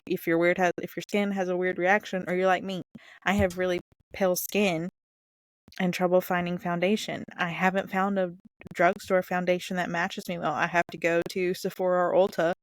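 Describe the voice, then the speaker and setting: A woman in her thirties with a Southern US accent co-hosts a podcast, her fairly low voice at a moderate pace in a dry recording. She's chatty and giggly, telling stories animatedly in casual conversation.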